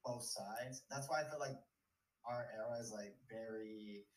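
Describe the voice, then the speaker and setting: A man's voice: fairly low pitch, unhurried. A man from Germany, raised in the U.S., chatting casually as a guest in a laid-back, slangy way over a remote call. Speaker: podcast guest. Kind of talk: casual chat. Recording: roomy, distant mic.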